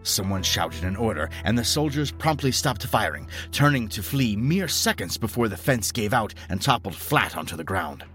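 A man reading a scripted horror story in a steady, grave storytelling manner. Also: on the low side, normal speed, few pauses, soft background music. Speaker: narrator.

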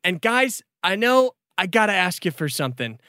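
Brief: male player voicing a lovesick young dragon, earnest and gushing, pitched up. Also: big pitch swings, normal speed, bright, forceful tone, clean tone, dry recording, clean studio sound, heavily acted. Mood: pleading.

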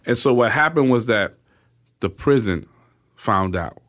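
A man's voice: medium pitch, expressive, a little slow, fairly bright tone. A man in his forties, a guest in a casual interview, tells his story, acting out the quoted voices and often asking "right?".

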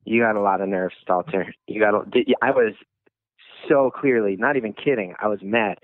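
A man's voice: fairly low pitch, normal speed, dry recording. A man calling in to a comedy podcast, ranting with mock outrage and indignation. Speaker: comedian caller. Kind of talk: improvised comedy phone call. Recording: tinny phone line.

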